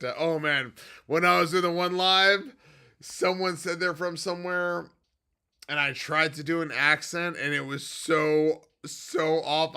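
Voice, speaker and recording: Guy rambling on a late night stream from home, bright forceful voice, jumps from mumbly to loud and hyped. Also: smooth. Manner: rambling, goes off on tangents; swings from quiet and low to loud and excited. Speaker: livestream host and business owner. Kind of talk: casual livestream chat.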